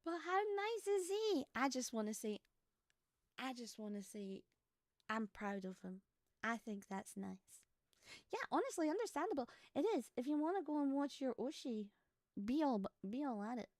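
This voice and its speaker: A woman streaming a game live, excitable and giggly, breaking into shouts and laughter as she plays. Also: a little high, moderate pace, no echo, studio quality. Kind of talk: live gameplay commentary.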